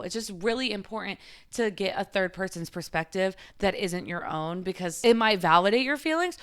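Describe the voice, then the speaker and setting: Smooth-voiced woman, chatty vlogger. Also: medium pitch, lively intonation, normal speed. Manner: chatty, frequent filler "like"; open and confiding. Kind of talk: casual advice monologue.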